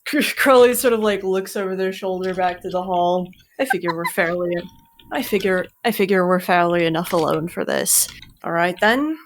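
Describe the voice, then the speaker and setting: A woman playing Curling at a tabletop session narrates her moves and gives another character a stern, profane telling-off. Her voice is on the low side at a moderate pace, with a little hiss or hum in the recording.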